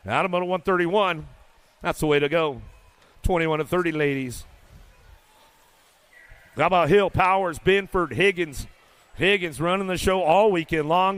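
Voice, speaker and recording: High-voiced man calling BMX races. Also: fairly bright tone, clear, resonant tone. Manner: rapid-fire play-by-play, rattling off names; casual, folksy banter. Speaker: race announcer. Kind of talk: live BMX race commentary. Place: indoor arena.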